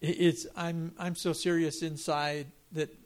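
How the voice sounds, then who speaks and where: An older man, a panel guest in a church, speaking earnestly and haltingly about his faith. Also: on the high side, flat delivery, slight background noise. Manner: earnest, halting, self-deprecating. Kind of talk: personal testimony.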